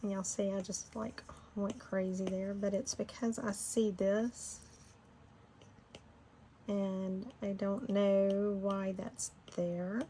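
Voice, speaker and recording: This slow, steady, warm medium-pitched voice belongs to a middle-aged Florida woman with a Southern Georgia accent. She chats and rambles easily, laughing often, while leading a design tutorial in a casual screen recording with slight background noise.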